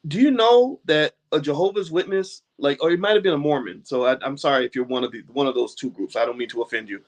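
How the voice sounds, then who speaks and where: A man's voice: mid-range voice, quick pace. An American man hosting a motivational talk, reading from a book and preaching to his viewers with frequent laughs and casual swearing. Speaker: host.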